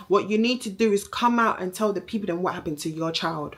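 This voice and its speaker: A woman's voice: medium pitch, fairly quick, breathy edge. A young woman with a Jamaican accent delivering a heated, accusing, repetitive social media rant, swearing as she goes. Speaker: vlogger.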